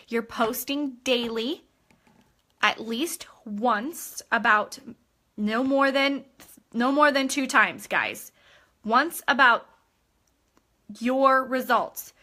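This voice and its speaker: A woman runs a live video training for her sales team, lively and talkative. Her voice sits a little high and rings bright. She keeps repeating key points and checking in with her viewers. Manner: energetic, chatty, repeats points and checks in with "okay?"; acts out customer chats in a bubbly voice. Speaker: direct sales team leader.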